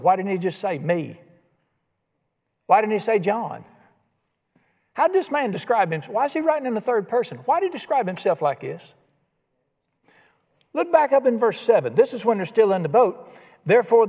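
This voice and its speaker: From the pulpit, a pastor delivers a folksy sermon peppered with rhetorical questions, his voice high for a man and a little mellow. The church hall gives the sound a long reverb.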